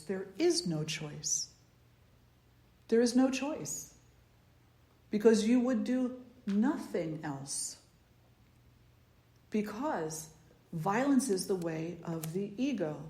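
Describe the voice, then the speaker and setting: A woman spiritual teacher giving a slow, meditative talk, repeating phrases for emphasis. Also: medium pitch, dark tone, reverberant.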